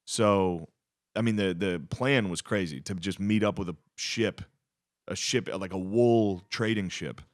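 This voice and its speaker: A man from Pennsylvania guesting on a comedy podcast. He tells a story casually, with a fairly low voice, lots of swearing and trailing phrases. The sound is dry and close. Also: a little slow, no echo. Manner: laid-back, profane, trailing off.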